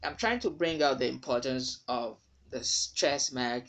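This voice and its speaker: A man's voice: medium pitch, measured pace, a bit bright. A man giving a spoken English pronunciation lesson, carefully repeating words to model the sounds. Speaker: pronunciation teacher.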